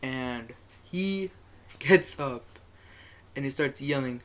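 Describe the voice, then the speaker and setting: A man's voice: mid-range voice, unhurried, pauses often. A young man telling a rambling, profane story in a casual monologue, chuckling as he goes.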